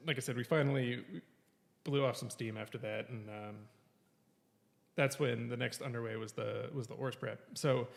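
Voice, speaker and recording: On a laid-back podcast, a man spins a lengthy story in a creaky, medium-pitched voice that sounds like it's in a big room. His telling is profane and full of laughter, and he does lively impressions of the people he quotes.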